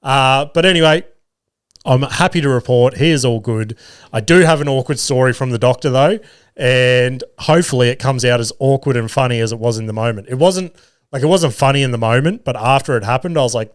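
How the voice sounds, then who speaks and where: A man's voice: mid-range voice, dry recording, studio quality. Australian man rambling through a story. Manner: rambling, swears freely, self-deprecating humour. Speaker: podcast host. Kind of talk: casual storytelling monologue.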